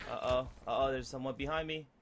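A young man giving excited gameplay commentary, breaking into loud outbursts and trash talk. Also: mid-range voice, quick pace, a little hiss or hum. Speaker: gaming video creator.

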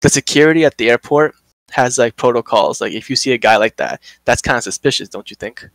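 A young man hosting a podcast, telling a work story in casual, animated chat, swearing a lot and acting out quotes. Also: medium pitch, fast, gravelly, no echo, rough recording.

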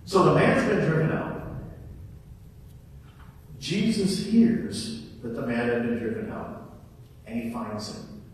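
A male pastor giving a sermon, retelling scenes in an animated storytelling manner, recorded in a church. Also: mid-range voice, takes it slowly, long pauses, slight background noise. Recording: echoey hall from far off.

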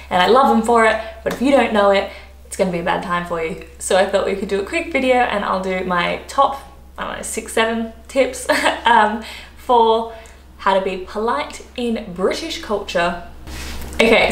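A young Australian woman chatting casually to camera in her vlog. She talks in a chatty, animated way and laughs often. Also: mid-range voice. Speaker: vlogger. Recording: echoey room, faint background noise.

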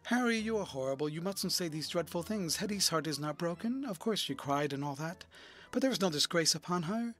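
A man reading the part of an earnest, troubled young gentleman with a pleading delivery. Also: fairly high pitch, lively intonation, a little fast, faint music behind.

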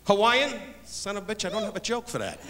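An older man doing live insult stand-up on a theater stage, loud and brash as he barks jabs at the audience. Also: high-pitched, sing-song, fast talker, long reverb tail. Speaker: insult comedian. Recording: live theater show, loud crowd and noise. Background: loud audience laughter.

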